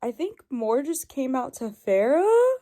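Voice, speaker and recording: A woman with a high voice talks casually to camera about a book she is reading. She is excitable and gushing, dropping to hushed asides one moment and squealing the next. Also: a little slow. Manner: excitable, gushing, swings between whispers and squeals. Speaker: book vlogger. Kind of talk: casual reading reaction vlog.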